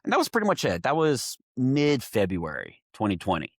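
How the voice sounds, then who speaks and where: A man from Texas, a winemaker guest on a podcast, telling a story in steady detail. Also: mid-range voice, fairly quick, no echo, studio quality. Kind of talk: casual chat.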